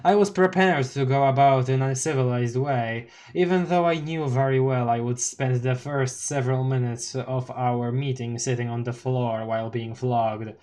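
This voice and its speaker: A streamer reading a webcomic aloud and giving a pompous, courteous male villain a faint, measured, formal voice. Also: mid-range voice, steady tone, a little mellow, natural voice. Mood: prim.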